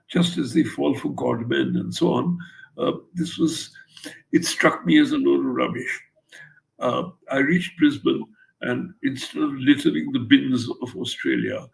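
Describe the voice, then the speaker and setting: Older man with a gravelly, lively voice. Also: medium pitch, unhurried, rough recording. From India. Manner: wry, blunt anecdotal storytelling with acted-out quotes. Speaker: author interviewed about his translations. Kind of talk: storytelling interview.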